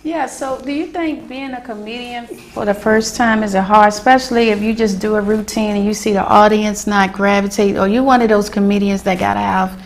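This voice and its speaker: A woman's voice: medium pitch, steady tone, fairly quick. A woman hosting her own talk show, introducing guests with upbeat announcer energy and replying to them with short "mm-hmm"s.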